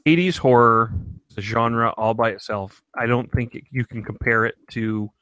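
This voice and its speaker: A man's voice: mid-range voice, normal speed, a bit bright, dry recording. A man in his thirties, co-hosting a casual chat and enthusing while listing things off. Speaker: podcast co-host.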